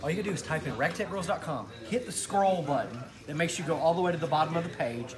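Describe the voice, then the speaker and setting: An excited man hosts a live show, talking fast and animated. His voice sits a little high, with people chattering in the background. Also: a crowd in the background. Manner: excited, animated promo talk. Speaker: show host. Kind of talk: casual live show chat.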